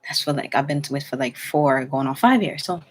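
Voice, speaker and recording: A woman's voice: rumbling low, lively intonation, fairly quick, a little hiss or hum. A young woman casually telling a personal story, rambling with many fillers and restarts. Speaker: vlogger.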